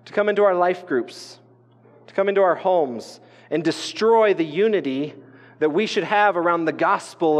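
Preaching in a church sanctuary, a high-pitched pastor from northern Colorado keeps his sermon casual and conversational, with asides and restarts. A long reverb tail follows his words.

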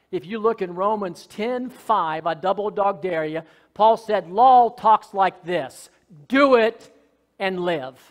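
A man preaching a sermon as pastor, fervent and folksy, swinging from soft asides to loud shouted lines with jokes along the way. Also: sits high. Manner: folksy, joking.

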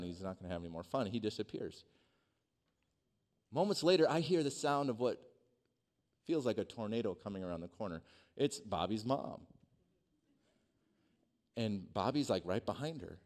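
A man in his forties delivers a church sermon through a lively personal story, his voice sitting at an ordinary middle pitch. He drops to a near-hush for the serious points, then rises loud and excited for the funny moments, with playful asides to the congregation. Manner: animated storyteller, swings from hushed to loud, humorous asides. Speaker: pastor.

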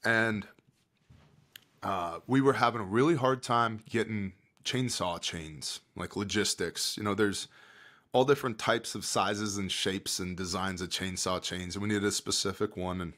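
American guy on a podcast telling relief-work stories, gets loud then quiet, acts out everybody. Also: fairly low pitch, unhurried. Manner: animated storyteller, acts out quotes, swings from loud to hushed. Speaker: podcast guest, disaster relief leader. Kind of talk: casual storytelling chat.

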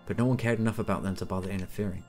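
A man's voice: deep voice, steady tone, racing, a little mellow. A man voicing a laid-back, friendly male small-town mechanic in a put-on American accent, calling everyone man, with faint music behind. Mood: grave. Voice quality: casual drawl, calls everyone man.

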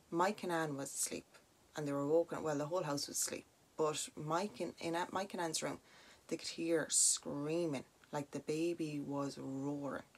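A young Irish woman hosting a podcast, telling a story in a chatty, animated way full of "like" and "now" asides. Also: low voice. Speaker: podcast host. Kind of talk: casual spoken storytelling.

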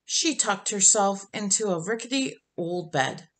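A woman reading a children's picture book aloud in a gentle, expressive storytelling manner. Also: mid-range voice, unhurried. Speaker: storybook reader.

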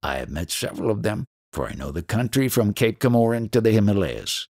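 A man's voice: fairly low pitch, sing-song, brisk, gravelly, darkish tone, no echo, clean studio sound, exaggerated voice. A man voicing a proud, emotional former soldier turned yogi who speaks eagerly and boastfully. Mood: earnest.

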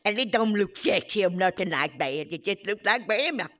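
A woman's voice: mid-range voice, lively intonation, moderate pace, a bit bright, natural voice. A woman playing a chatty, cheeky old grandmother.

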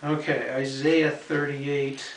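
A man's voice: mid-range voice, little pitch movement, takes it slowly, far from the mic, a little hiss or hum. A man teaching the Bible in an earnest, explanatory way. He often checks in with "okay?" and repeats key points for emphasis. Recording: roomy sound from off-mic.

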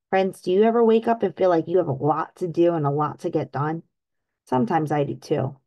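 A woman reading a picture book aloud to young children, teacherly and engaging. She pauses often to ask the kids questions about the story. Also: on the low side, mellow, rough recording. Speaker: children's story reader, channel host.

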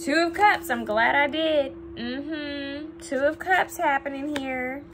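A woman's voice: high voice, slow pace, background noise. A young woman giving a casual pick-a-card tarot reading, chatting and thinking aloud as she pulls cards.

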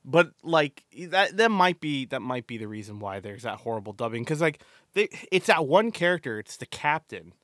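This man co-hosts a podcast, rambling in casual chat with many fillers and restarts. His medium-pitched voice swings widely in pitch at a normal speed, with a fairly bright tone. The recording is studio quality with no echo.

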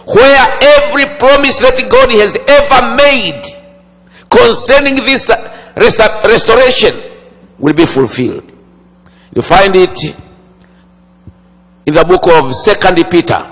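A man preaching a sermon slowly and dramatically, with long pauses and sudden swings from loud to hushed. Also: high voice. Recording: long hall reverb.

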